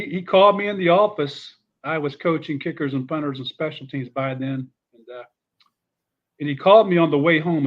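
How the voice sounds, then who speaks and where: A middle-aged man, a former football coach, telling stories in an animated way with many fillers. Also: medium pitch, lo-fi sound. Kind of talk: casual storytelling interview.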